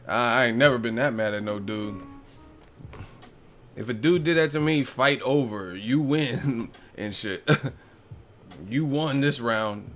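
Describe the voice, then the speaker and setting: A man's voice: on the low side, a little slow, pauses often, a little hiss or hum. A man hosting a boxing live stream, talking in a loose casual rant, laughing often and acting out other people's lines. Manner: animated, laughs often, acts out quotes. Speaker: boxing commentary host.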